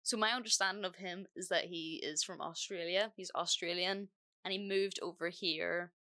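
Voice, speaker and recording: A woman's voice: on the low side, fairly even intonation, moderate pace, bright, forceful tone. Frank, chatty woman. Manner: chatty, frank, swears freely, many fillers. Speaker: podcast host. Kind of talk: casual storytime monologue.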